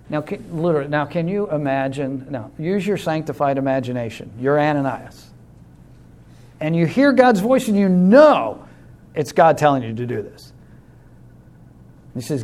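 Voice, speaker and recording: Man teaching bible study, slightly high voice, chatty explaining. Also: big pitch swings, moderate pace, long pauses, a little mellow. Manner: conversational, explains with illustrations, calls on class members.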